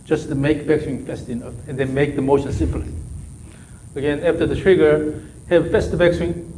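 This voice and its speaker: A man's voice: fairly high pitch, fairly even intonation, moderate pace, warm tone, slight background noise, rough recording. A man whose first language is Korean, coaching a golf student with short, repeated instructions. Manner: short repeated instructions, non-native phrasing. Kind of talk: coaching a student during practice.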